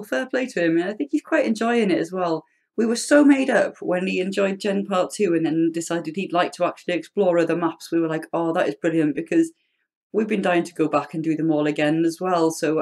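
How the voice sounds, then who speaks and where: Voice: mid-range voice, a little mellow. A host giving chatty, rambling gameplay commentary as a voice-over recorded at home. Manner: chatty, rambling, self-deprecating.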